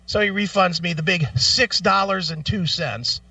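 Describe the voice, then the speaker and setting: A man's voice: high-pitched, normal speed, sharp tone, far from the mic. A middle-aged man co-hosting a radio show, telling stories in a casual, profane way and laughing as he goes. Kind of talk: casual on-air storytelling. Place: radio studio. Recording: dull, off-mic studio audio.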